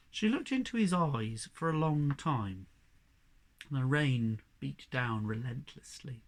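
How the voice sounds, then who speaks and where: A man reading a children's novel aloud as narrator, measured and expressive. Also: medium pitch. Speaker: audiobook narrator. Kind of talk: storybook narration.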